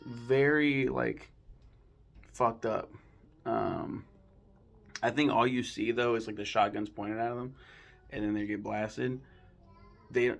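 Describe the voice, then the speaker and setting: A man's voice: medium pitch, gravelly. A man casually reviewing a film, rambling with lots of fillers and frequent swearing.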